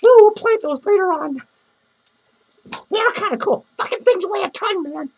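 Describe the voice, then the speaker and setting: Man playing Penny, a shrill foul-mouthed clown. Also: expressive, normal speed, low-quality recording. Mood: ranting. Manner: crude, rambling rants full of cursing and cackling laughs. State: hungover. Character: foul-mouthed, lonely, hungover female clown. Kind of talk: comedic character monologue.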